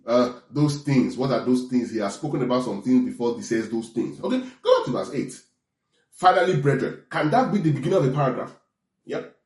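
A man's voice: mid-range voice, sing-song, brisk, darkish tone, reverberant. A man preaching a sermon, teaching in a conversational way with frequent check-ins and restarts. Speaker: pastor.

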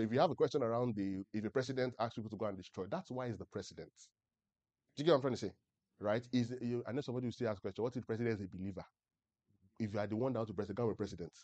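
A man's voice: lowish voice, a little mellow, slightly rough. A man preaching a sermon as a pastor. He keeps checking that the congregation is following him and leads them in reading scripture aloud together. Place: church service with a congregation.

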